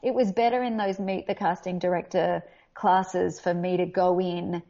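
Gravelly Australian woman, lo-fi audio. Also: lowish voice. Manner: candid, animated, quick to laugh. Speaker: voice actor guest. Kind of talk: casual interview talk. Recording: dull lo-fi audio.

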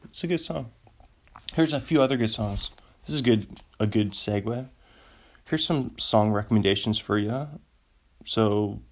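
A man hosting a solo podcast, rambling and excitable, joking around as he talks from his home studio. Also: on the low side. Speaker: podcast host.

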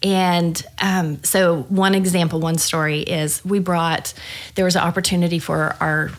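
Lively storytelling woman pastor, low voice. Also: a little slow. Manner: lively storyteller, acts out dialogue. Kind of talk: podcast conversation, personal storytelling.

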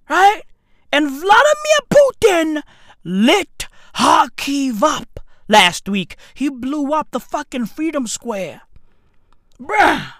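A woman in a slangy, profane comedic rant who keeps asking rhetorical questions and swings from shouting to hushed muttering. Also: sits high, very animated, slow pace, no echo, studio quality. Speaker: commentator.

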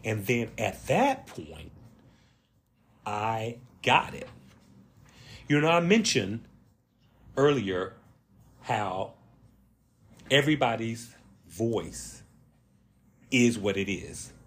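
Southern guy, low husky voice, slow and deliberate, talking it through solo. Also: big pitch swings, a bit bright. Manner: slow, deliberate delivery with drawn-out emphasis. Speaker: podcast host. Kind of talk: reflective solo monologue. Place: Washington, D.C.

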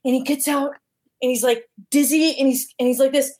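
A woman's voice: sits high, fairly quick. A woman guest telling a personal story casually, acting out the voices she quotes. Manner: animated, acts out quoted voices.

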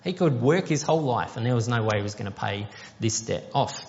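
A man's voice: mid-range voice, expressive, a little fast, darkish tone. A man preaching a sermon, explaining a parable conversationally and asking the congregation questions. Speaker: pastor. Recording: dull sound with long hall reverb.

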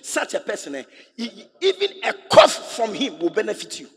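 A middle-aged man with a Ghanaian English accent, a bishop preaching a sermon, who repeats his phrases and rises to shouts. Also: high voice, huge pitch swings, brisk, husky, long reverb tail. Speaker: bishop and pastor.

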